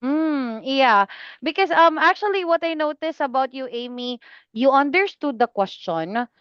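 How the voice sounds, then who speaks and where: A woman tutoring a student in speaking, patient and slow, repeating the student's name often. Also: sits high, lively intonation, no echo, highs cut off. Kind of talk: one-on-one online lesson feedback.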